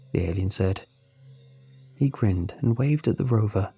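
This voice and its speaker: A man narrating a horror story in a measured, even storytelling voice. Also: fairly low pitch, breathy edge, soft background music.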